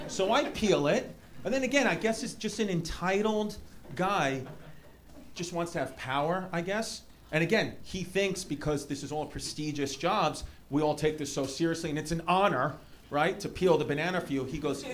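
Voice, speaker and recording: A young stand-up comic spins a rambling story, tripping over fillers and restarts. His voice sits high for a man. The live club recording carries clear background noise from the room. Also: normal speed. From New York City (Queens). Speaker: stand-up comedian. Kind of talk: stand-up storytelling and crowd work. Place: comedy club stage.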